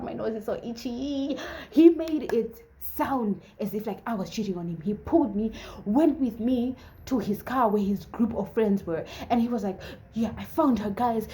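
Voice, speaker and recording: A woman's voice: fairly high pitch, mellow. A young woman in her twenties casually telling a personal story, chatty and full of fillers, acting out the dialogue. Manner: chatty, filler-heavy, acts out quoted dialogue. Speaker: vlogger.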